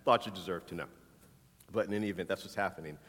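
A pastor with a low-pitched, fast, slightly bright voice and a breathy edge delivers a conversational sermon, often repeating his questions. He uses a handheld mic that gets swapped midway, and the hall has a long reverb.

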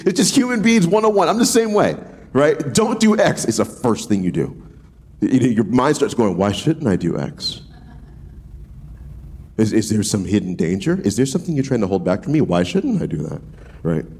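A man preaching a casual sermon, animated and slangy, acting out voices as he goes. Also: mid-range voice, normal speed, slightly rough. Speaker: pastor.

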